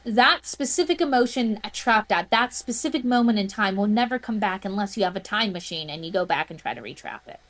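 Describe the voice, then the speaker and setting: A woman's voice: medium pitch, lively intonation, fairly quick, hardly any pauses, fairly bright tone. A woman guest on a podcast, telling a personal story in an earnest, heartfelt way. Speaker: interview guest, healing practitioner.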